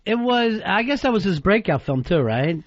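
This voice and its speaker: A man hosting a radio talk show, interviewing a guest in a relaxed, joking manner. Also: sits high, normal speed. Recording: dull lo-fi radio recording.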